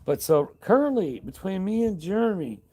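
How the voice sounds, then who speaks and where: A man hosting a casual live stream, rambling in a relaxed, friendly way, reading out viewer comments and thanking them. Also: high-pitched, moderate pace.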